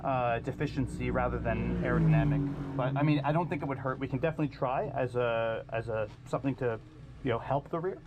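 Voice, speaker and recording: A man's voice: mid-range voice, fast talker, background noise. A man who races cars, describing how the car handles in a hesitant technical debrief full of ums. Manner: hesitant, lots of ums, precise technical wording. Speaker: racing driver giving car feedback.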